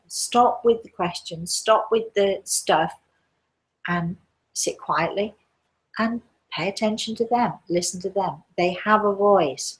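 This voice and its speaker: Woman medium host, low gravelly voice, soft reassuring delivery. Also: a little slow. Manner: gentle, reassuring, calls listeners darling. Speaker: medium hosting a call-in show. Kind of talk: live show reading listener questions.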